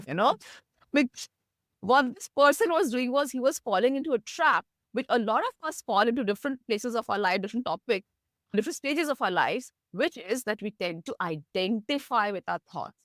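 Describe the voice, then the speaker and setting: A woman, a meditation teacher, explaining mindfulness through gentle stories in an interview. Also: fairly quick, no echo, clean studio sound. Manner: gentle storytelling, lively pitch, laughs softly.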